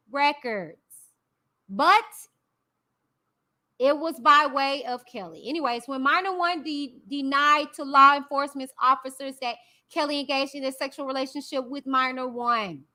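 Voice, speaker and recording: A woman's voice: high-pitched, normal speed, bright, forceful tone. A young woman hosting a casual commentary vlog. She reads a court document aloud and breaks off to chat directly with her viewers in slangy asides. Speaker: YouTube commentary host.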